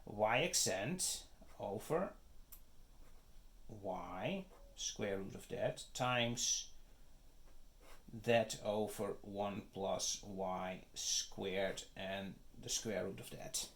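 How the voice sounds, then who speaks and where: Slow, methodical man teaching math. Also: on the low side, a bit bright. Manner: methodical, step-by-step, frequent "okay?" checks. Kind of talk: math lecture.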